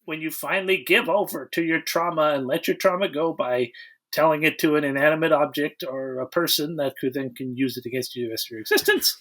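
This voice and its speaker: A man's voice: on the high side, brisk, a bit bright. A man co-hosting a casual comedic movie review podcast, joking his way through the plot and acting out the characters. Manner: jokey plot recapping with acted-out voices. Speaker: podcast co-host.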